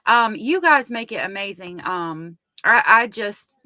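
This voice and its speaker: A woman's voice: medium pitch, expressive, a little slow, bright, forceful tone, dry recording. A woman with a Southern US accent hosting a casual true crime live stream, chatting and greeting viewers by name.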